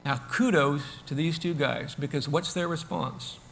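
A man delivering a sermon with a high, bright voice. He talks conversationally, chuckles now and then, and breaks into loud, acted-out shouts for the crowd. His delivery is lively and full of rhetorical questions. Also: unhurried, gravelly, a little hiss or hum. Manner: animated, acts out the crowd and shouts with sudden bursts. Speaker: pastor.

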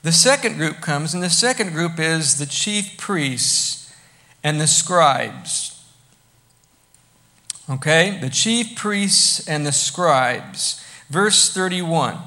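A man preaching a sermon, emphatic, moving between quiet asides and loud bursts. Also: fairly high pitch, expressive, takes it slowly. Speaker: pastor.

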